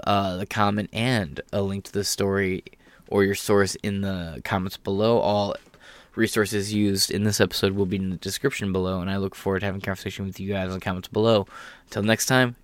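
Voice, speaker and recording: A man's voice: fairly low pitch, dry recording. A man hosting a casual political commentary vlog, talking bluntly and sarcastically and swearing freely. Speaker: host.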